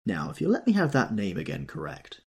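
A man's voice: lowish voice, huge pitch swings, a little fast, vocal fry, darkish tone, breathy edge, pitched above the performer's own voice, heavily acted. A man voicing a terse, suspicious policeman who demands answers, in an audiobook reading. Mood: brusque. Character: blunt, suspicious male policeman.

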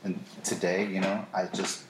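A man co-hosting a podcast in casual chat, playful and quick to laugh. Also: deep voice, level tone. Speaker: podcast co-host. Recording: echoey room with clear background noise.

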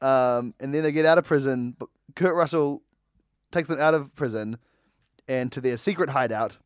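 A man's voice: mid-range voice, moderate pace, smooth, no room sound, clean studio sound. A man co-hosting a casual movie podcast, joking and laughing often. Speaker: podcast co-host.

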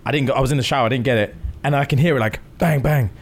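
A young man, co-hosting a podcast and telling stories in casual, swearing chat, quoting the people in them. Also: mid-range voice. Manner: fast, swearing, quotes people in his stories. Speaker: podcast co-host.

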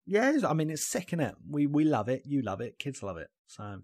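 A man, chatting casually as a podcast co-host, animated and loose, often saying "mate". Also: mid-range voice, brisk. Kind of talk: casual chat.

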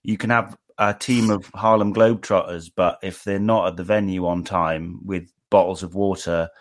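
A man's voice: low-pitched, fairly even intonation, normal speed. A man co-hosting a podcast in a casual, rambling, self-deprecating way. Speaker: podcast co-host.

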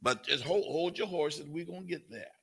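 An older male pastor with a fairly high, creaky, slightly bright voice and a breathy edge speaks at a moderate pace. He teaches a Bible study sermon in a folksy way, calling on his listeners and putting on a cooing grandparent voice.

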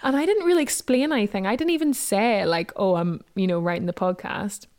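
A woman with a Northern Irish accent co-hosting a casual podcast, telling stories in a lively way. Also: mid-range voice, brisk. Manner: storytelling, animated. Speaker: podcast co-host.

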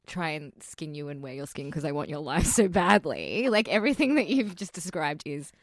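A woman's voice: sits low, expressive, moderate pace, no room sound, clean studio sound. Playful woman hosting a podcast. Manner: playful, teasing interviewer. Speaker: podcast host. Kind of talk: casual chat.

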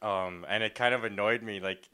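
A man's voice: steady tone, normal speed, bright, forceful tone, clear, resonant tone. A man chatting casually as a podcast co-host, telling stories and laughing. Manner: laughing storyteller, mimics people in high voices. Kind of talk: casual chat.

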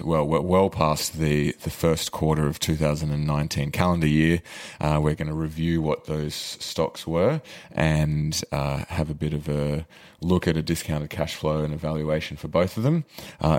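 Deep-voiced Australian podcast host. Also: male voice. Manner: upbeat and jokey, with frequent laughs and fillers. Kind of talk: casual investing podcast chat.

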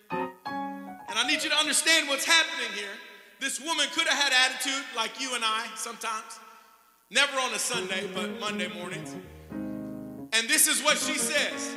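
A man with a strikingly high voice preaches emphatically, calling out to his congregation as he goes. His voice rings through a long, echoing church hall while music plays clearly underneath. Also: moderate pace, pauses often. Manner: emphatic preaching with crowd call-outs. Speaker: pastor. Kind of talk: sermon. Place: church sanctuary. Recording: echoey hall with music behind.

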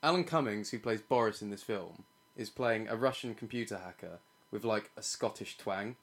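A man in casual, animated film chat, laughing often and swearing freely. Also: on the low side, moderate pace.

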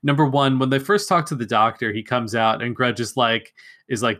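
A man's voice: medium pitch, normal speed. A man co-hosting a podcast, casually retelling scenes from an old film and acting out lines from them. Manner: relaxed retelling, acts out quotes from scenes. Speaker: podcast co-host.

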